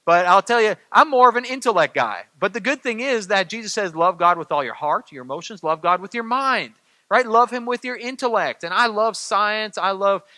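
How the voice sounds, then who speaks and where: A man's voice: high voice, expressive, normal speed, sharp tone, dry recording. A middle-aged man preaching a sermon as pastor, in a conversational way that keeps checking in with the congregation. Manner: conversational, repeats phrases, asks "right?" of the crowd.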